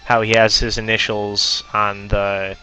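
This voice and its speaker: Hesitant low-voiced male let's player. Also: level tone, a little slow, bright, forceful tone, slight background noise, low-quality recording. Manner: hesitant, many ums and self-corrections. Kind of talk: casual gameplay commentary.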